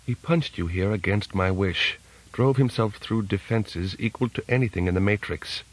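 A man voicing a calm, all-knowing AI that appears as a boy, speaking softly and persuasively in an audiobook. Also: on the low side, moderate pace, lightly acted, poor audio. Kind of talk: audiobook character reading.

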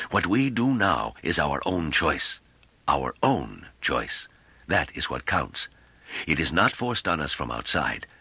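A man voicing a calm, wise older man who speaks in a slow, measured, almost hypnotic way. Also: deep voice, breathy edge, no room sound, exaggerated voice. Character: calm, wise elderly man, patient teacher.

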